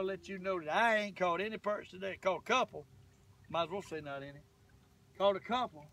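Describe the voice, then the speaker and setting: An older Southern US man with a high voice talks in a folksy, rambling way to his viewers while fishing from a boat. He sits a little away from the mic, and faint outdoor ambience hangs behind him. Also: bright, forceful tone, recorded from a distance, a little hiss or hum. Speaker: fishing vlogger. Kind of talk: casual fishing vlog talk.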